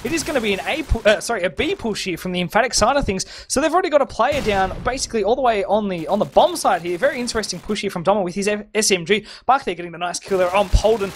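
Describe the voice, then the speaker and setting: A man doing live play-by-play commentary on a competitive shooter match, excitable and stumbling over repeated words. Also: high-pitched, quick pace, few pauses. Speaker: esports shoutcaster. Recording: noisy game audio underneath.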